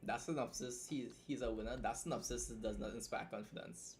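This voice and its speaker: A slight hiss or hum accompanies a young Trinidadian livestream host with a mid-range voice and fairly even intonation. A writer by trade, he reacts to a story with blunt humor, free swearing, and fast asides.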